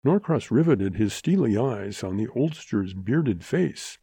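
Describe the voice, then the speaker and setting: A man narrating a western story in a steady audiobook reading. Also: lowish voice, measured pace, creaky, few pauses, slightly rough, no echo.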